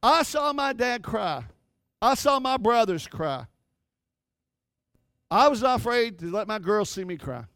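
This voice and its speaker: High-voiced man preaching with passion. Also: expressive, unhurried, long pauses, bright, forceful tone, no room sound, studio quality. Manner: impassioned preaching, rising and falling emphasis. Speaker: pastor. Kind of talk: sermon.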